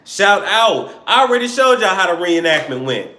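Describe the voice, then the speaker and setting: A man hosting a live-stream celebrity gossip show, animated and joking, sometimes slipping into mock accents. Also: sits high, a little fast, hardly any pauses, roomy sound.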